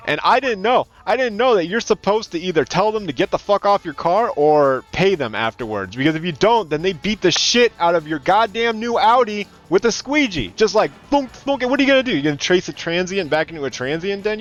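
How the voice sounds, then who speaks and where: A man from California chatting casually and swearing freely while streaming a game, now and then slipping into loud mocking voices. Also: high-pitched, brisk, hardly any pauses, highs cut off, faint music behind. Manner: animated, profane, slips into loud mocking voices. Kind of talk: casual gaming commentary.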